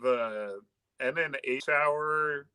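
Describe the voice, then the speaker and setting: A man's voice: medium pitch, drawn-out words, sharp tone, smooth, no room sound, rough recording. A man co-hosting a casual podcast chat, laid-back and slangy. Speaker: co-host.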